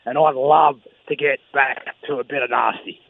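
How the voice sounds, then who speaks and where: A man's voice: mid-range voice, steady tone, normal speed, vocal fry. Australian man calling in over a phone line. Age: 50s. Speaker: caller. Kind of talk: phone-in to sports radio.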